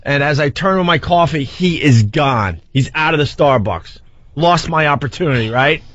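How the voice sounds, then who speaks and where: A man in his forties hosting a radio show, telling a self-mocking story in a lively, casual way from a studio mic. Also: a little high, moderate pace. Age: 40s. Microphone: studio microphone. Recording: slightly dull, dry radio broadcast audio.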